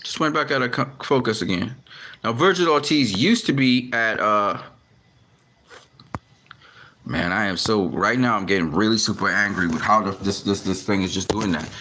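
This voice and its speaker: A man's voice: on the low side, normal speed, pushed and bright, slight background noise. A man talking casually to his camera about boxing, often frustrated and swearing, with lots of restarts and fillers. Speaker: boxing commentary vlogger.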